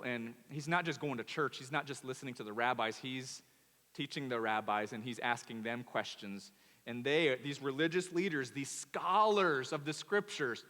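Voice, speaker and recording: A male pastor preaching a sermon in a church, animated and emphatic, often repeating words. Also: medium pitch. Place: church auditorium. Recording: long church hall reverb.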